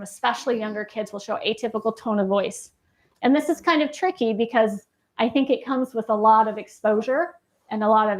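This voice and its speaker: A woman clinician giving a live lecture, talking casually and checking in with the audience with frequent questions. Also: fairly high pitch. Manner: conversational, asks the audience questions, tags points with "right?". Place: lecture room on a university campus.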